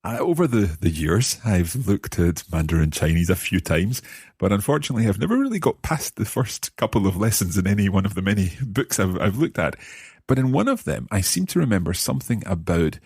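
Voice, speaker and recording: Low, lively-voiced male learner. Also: brisk, slightly rough, no room sound, clean studio sound. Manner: curious, hesitant, repeats phrases after the teacher. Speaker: learner co-host. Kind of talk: conversational language lesson.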